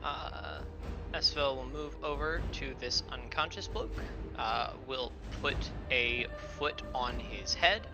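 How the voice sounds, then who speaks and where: A man's voice: mid-range voice, slow. A man playing in a tabletop game, narrating what his character does, with music behind. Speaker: player.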